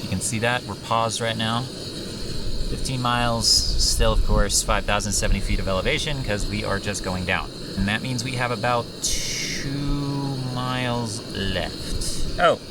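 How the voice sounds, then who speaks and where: Male hiking vlogger, tired, joking at his own expense, lowish voice, noisy outdoor sound. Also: unhurried. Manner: chatty, self-deprecating. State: tired after long hike. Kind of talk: casual hiking vlog. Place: outdoors on a desert hiking trail.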